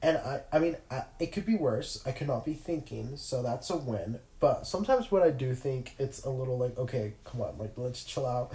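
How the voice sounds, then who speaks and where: A man's voice: medium pitch, animated, moderate pace, hardly any pauses, dark tone, roomy sound, rough recording. A young man hosting his podcast while sick with a cold, so his voice is nasal. He rambles in a casual solo chat, full of fillers and restarts. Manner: rambling, filler-heavy, self-interrupting. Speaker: podcast host. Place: in bed at home.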